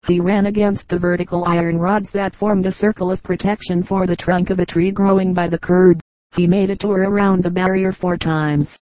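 A woman reading a collection of short humorous anecdotes aloud as scripted narration, with a steady, even delivery. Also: on the low side, no room sound, poor audio. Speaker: audiobook reader.

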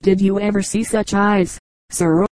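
A woman voicing a fashionable young gentleman, a chatty and self-satisfied suitor speaking with soft, courteous civility. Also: mid-range voice, steady tone, unhurried, dry recording, natural voice, low-quality recording. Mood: polite chatter.

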